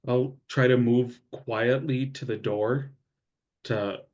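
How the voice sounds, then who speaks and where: A man's voice: mid-range voice, fairly even intonation, slow, a little mellow. A man takes part in a tabletop game, describing his actions casually with many fillers. His voice sits in an average range. The recording sounds dull and lo-fi. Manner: casual, filler-heavy talk. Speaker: player.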